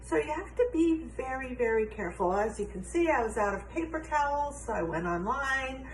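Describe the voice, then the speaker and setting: A woman's voice: fairly quick, slight background noise, low-quality recording. A middle-aged woman doing a stand-up comedy routine from her home kitchen, with punchy joke delivery. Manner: punchy joke delivery with bouncy, animated pitch.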